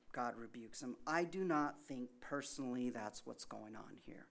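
A pastor delivers a sermon conversationally in a medium-pitched voice. He asks rhetorical questions and swings between soft asides and loud emphasis.

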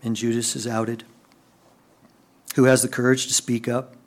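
A man preaching a sermon, moving between quiet, hushed passages and excited, raised outbursts. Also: medium pitch, measured pace. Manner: animated, swings from hushed to excited. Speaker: pastor.

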